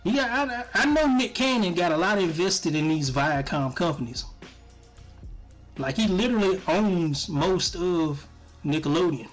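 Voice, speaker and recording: A man giving casual, profane commentary on his stream, animated and often breaking into laughter. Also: sits high, unhurried, soft background music.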